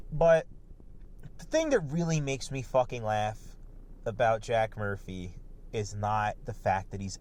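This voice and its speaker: A man hosting a commentary video in a rambling, profane rant. He laughs often and swings between loud bursts and muttered asides. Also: medium pitch. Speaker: online commentary host.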